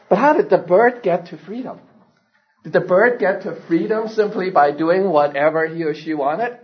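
In a dull, lo-fi recording, a male pastor whose voice sits high tells a sermon story at a moderate pace. He's lively, laughs a lot and keeps asking his listeners questions.

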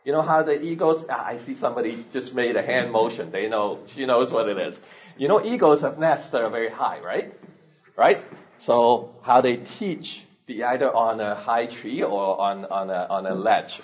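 A male pastor telling a story in a sermon, animated, laughing often and asking his listeners questions, in a dull lo-fi recording. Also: medium pitch, moderate pace.

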